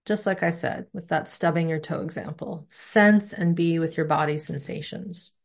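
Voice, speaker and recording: A woman teaching a body-awareness class, talking in a relaxed, conversational way. Her voice sits slightly low for a woman. She explains her ideas through everyday examples. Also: normal speed, vocal fry. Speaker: somatic teacher.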